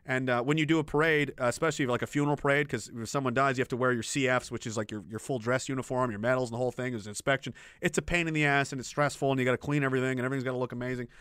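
A man's voice: medium pitch, fairly even intonation, rapid-fire, few pauses, a bit bright, clean tone, dry recording, studio quality. A young adult man, streaming an unscripted rant about his time as a military veteran. He talks bluntly and swears a lot, often breaking off mid-sentence and starting again. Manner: blunt and profane, with frequent trailing restarts.

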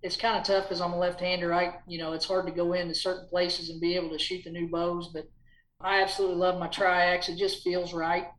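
Chatty guest in an echoey room. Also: male voice, high voice, brisk, a little hiss or hum. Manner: lively, chatty, acts out quotes with raised voice. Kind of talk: casual storytelling.

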